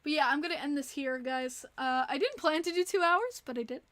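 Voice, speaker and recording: High-voiced chatty woman streamer. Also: expressive, a bit bright. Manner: chatty, reacts to viewer chat with quick exclamations. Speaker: livestream host. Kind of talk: casual livestream chat.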